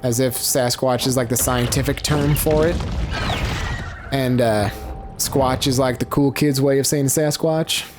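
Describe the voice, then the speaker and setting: A let's play host rambles through casual gameplay commentary in a mid-range, steady voice at a slightly slow pace, often breaking off mid-sentence and groping for words. Game music plays behind him.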